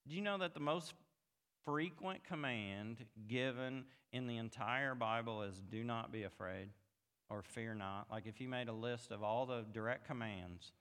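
A male pastor delivers a sermon in a tense, bright voice. He moves between soft, reflective stretches and passionate, emphatic climbs. The sound carries the long reverb of a church sanctuary. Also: mid-range voice, smooth. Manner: builds from quiet reflection to emphatic, rising passages.

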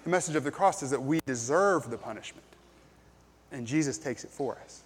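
A man's voice: mid-range voice, a little fast, husky, big-room sound. A man preaching a sermon as pastor, earnest and plain-spoken, with frequent ums and restarts.

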